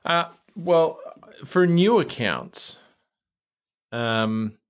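A man's voice: a little high, expressive, drawn-out words. A man co-hosting a podcast, speaking in a thoughtful, hedging way with lots of fillers. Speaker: podcast co-host. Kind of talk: casual podcast chat.

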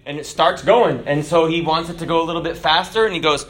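A male preacher with a bright, ringing voice delivers a sermon. He moves from telling a joke like a storyteller to reading scripture aloud. Many of his lines sink into a low, quiet finish. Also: fast. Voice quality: dramatic drops in pitch and volume at line ends.

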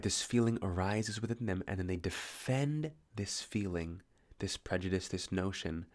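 A tired man rambling through a late-night philosophical monologue, musing and correcting himself, his words slightly slurred. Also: deep voice.

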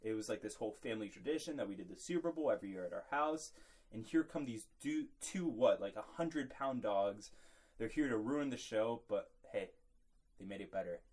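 A man's voice: lowish voice, expressive, fairly quick, a little mellow. Young guy chatting sports on his podcast, laughs a lot. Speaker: podcast co-host. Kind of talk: casual sports chat.

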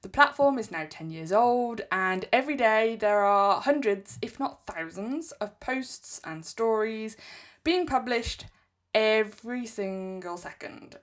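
A woman with an English accent hosting a solo podcast, giving direct, emphatic business advice. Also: medium pitch. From England. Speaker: podcast host.

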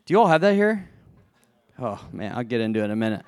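Speaking quickly in a sing-song, medium-pitched voice, a man shares a self-deprecating personal story with a live audience. He chats, laughs at himself, and restarts his sentences, and the recording is dry.

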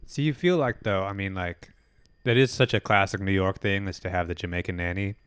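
A man with a lowish, smooth and resonant voice banters on a podcast. His tone is bright and forceful, and the sound is dry. He teases and laughs easily. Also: fairly quick, dry recording. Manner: wry, laughing, teasing. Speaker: podcast co-host. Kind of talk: casual comedic chat.

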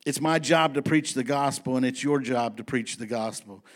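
A man preaching a sermon to his congregation in a folksy, emphatic style, slowing down to read scripture and speeding up for asides. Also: mid-range voice. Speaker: pastor.

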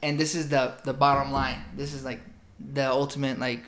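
A man co-hosting a podcast in casual chat, talking with lively energy and laughing often, a Spanish speaker first. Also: mid-range voice, normal speed, reverberant. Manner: animated, laughs often, does mock phone voices. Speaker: podcast co-host.

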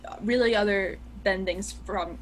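A young woman co-hosting a podcast, telling stories in an animated, casual way and swearing freely. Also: mid-range voice, normal speed. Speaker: podcast co-host. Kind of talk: casual chat.

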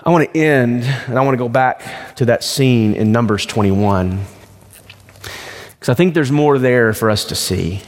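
A man's voice: medium pitch, measured pace, long reverb tail. A man preaching a sermon as pastor, in a conversational storytelling way.

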